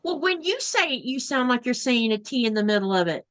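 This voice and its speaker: A woman's voice: on the high side, big pitch swings, fairly quick, fairly bright tone. A woman with a Southern US accent hosting a casual livestream, chatting and reading viewer comments aloud. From American South. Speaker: livestream host.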